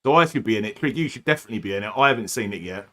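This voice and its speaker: A man's voice: lowish voice, lively intonation, racing, pushed and bright. A man hosting a casual podcast chat, teasing his co-host and laughing easily.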